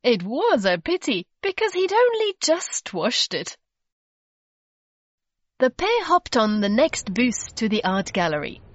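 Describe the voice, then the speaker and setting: Slow, lively woman reading a storybook. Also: fairly high pitch, no echo, highs cut off. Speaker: narrator. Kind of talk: storybook read-aloud.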